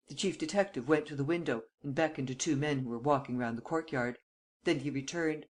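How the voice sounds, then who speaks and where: Brief: audiobook narrator, steady and even, middle pitch. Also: brisk. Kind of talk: scripted narration.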